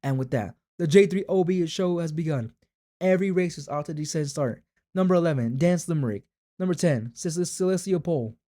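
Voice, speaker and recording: A man voicing an excitable race announcer, calling the field in a loud broadcast style. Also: fairly high pitch, fairly quick, pitched above the performer's own voice, close to an everyday voice. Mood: hyped.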